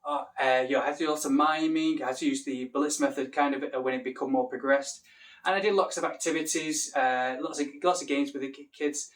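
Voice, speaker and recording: A man's voice: on the high side, steady tone, fairly quick, a bit bright, far from the mic. A man with a Mancunian accent, an English teacher talking casually to camera, rambling and restarting his sentences. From Manchester, England.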